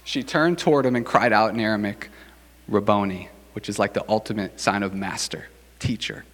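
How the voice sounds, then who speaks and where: A man's voice: on the low side, a little fast, fairly bright tone, in a large hall. A man preaching a sermon in a casual, joking, conversational way. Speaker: pastor.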